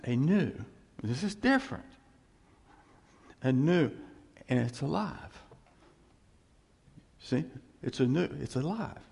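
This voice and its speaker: A male preacher teaches scripture in an unhurried, deliberate sermon, repeating his key phrases for emphasis. His voice is gravelly and a little husky. It rings out with the long reverb of a large hall. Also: mid-range voice, lively intonation, darkish tone. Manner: emphatic, repeats phrases, calls for audience response.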